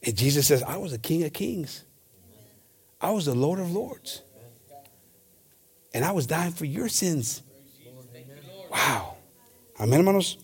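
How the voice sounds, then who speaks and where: A man in the pulpit, moving between English and Spanish as he reads scripture and preaches. His voice sits a little higher than most men's, and he stumbles and restarts words as he goes, calling out "hermanos" again and again. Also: expressive, unhurried, pauses often, slightly rough. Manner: stammers and restarts often. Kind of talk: bilingual sermon with scripture reading.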